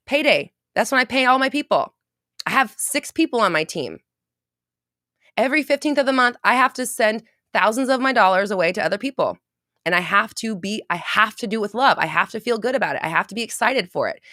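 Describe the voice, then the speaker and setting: A woman's voice: medium pitch, fairly bright tone, no room sound, studio quality. A woman hosting a manifesting podcast, talking in a blunt, emphatic and profane way in casual motivational chat. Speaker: podcast host.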